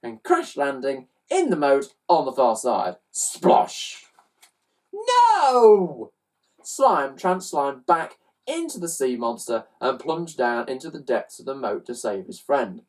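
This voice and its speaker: A woman reading a children's story aloud in an animated way, throwing in sound effects. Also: a bass voice, a little slow, few pauses, distant mic.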